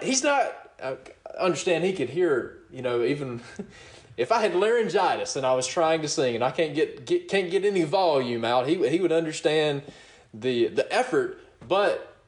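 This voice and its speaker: A middle-aged pastor delivers a sermon in a relaxed, conversational manner, frequently chuckling and asking "you know what?" His pitch sits fairly high, and the sound is roomy.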